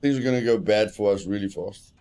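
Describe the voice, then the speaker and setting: A man's voice: fairly low pitch, fairly quick, mellow. British man streaming a game. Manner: repeats phrases to himself, chatty with chat. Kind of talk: live gameplay commentary.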